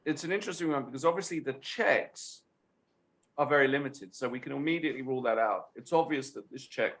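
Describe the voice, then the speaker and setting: A man's voice: medium pitch, brisk, fairly bright tone. A man coaching a chess tactics lesson, explaining step by step and often checking in with his student.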